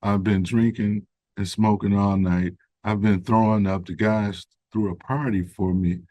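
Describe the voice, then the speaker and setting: A man, a guest who founded a recovery organization, speaks in an interview in an earnest, reflective way. He tells stories conversationally, with fillers, and gets more animated when he stresses a point. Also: on the low side, a little slow, no echo. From United States. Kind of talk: interview storytelling.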